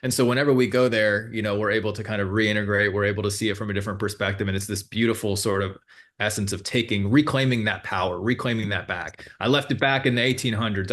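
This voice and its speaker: A man with a lowish voice explains hypnotherapy sessions as an interview guest. He talks in a relaxed, meandering way, full of fillers and restarts. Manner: relaxed, meandering, with many fillers and self-corrections.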